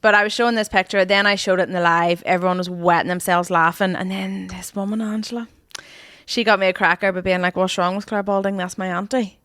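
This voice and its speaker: A woman co-hosts a podcast, telling stories in excitable, chatty bursts. Her voice sits mid-range, recorded close and dry with no room sound. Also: mid-range voice, quick pace, no room sound. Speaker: podcast co-host. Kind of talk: casual chat.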